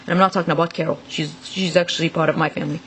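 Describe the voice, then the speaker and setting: A woman's voice: low voice, steady tone, racing, fairly bright tone, slight background noise. A woman talking straight to the camera in a rambling, agitated monologue full of swearing. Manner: profane, rambling, agitated ranting. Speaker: vlogger.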